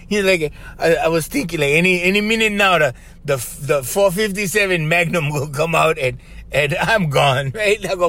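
A man with a Hawaiian Pidgin English accent, hosting a podcast and telling a story in an animated, casual way, repeating himself and calling the listener "bro.". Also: fairly high pitch, moderate pace. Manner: animated, repetitive, with frequent laughs and "bro". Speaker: podcast host.

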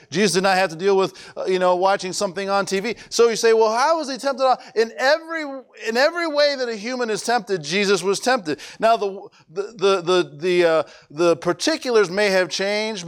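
Preaching in a conversational style, a man asks his congregation questions and frequently trips over repeated words. His high voice is clear and resonant.

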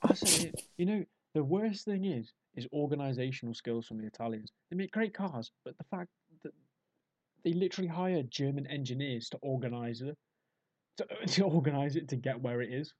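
A man's voice: mid-range voice, normal speed, no echo. An English man co-hosting a podcast, chatting in a casual comedic way and often slipping into put-on voices. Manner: animated, slips into put-on voices. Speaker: podcast co-host.

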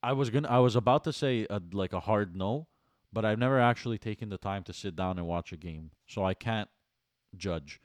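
Laid-back low-voiced man chatting. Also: a little fast, dry recording, clean studio sound. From Canada. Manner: laid-back, argues his point with laughs. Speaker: podcast co-host. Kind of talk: casual chat.

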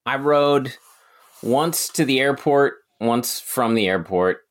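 A man co-hosting a comedy podcast, chatting casually and dropping wry, quick interjections. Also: medium pitch, expressive. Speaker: podcast co-host.

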